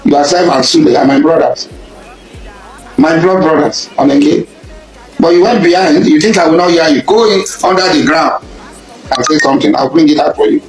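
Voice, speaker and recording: A man with a Nigerian accent giving an impassioned public speech, accusing a rival and repeating his points, at times rising to a shout. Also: a little high, moderate pace, roomy sound, soft background music, low-quality recording. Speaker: public speaker addressing a rival.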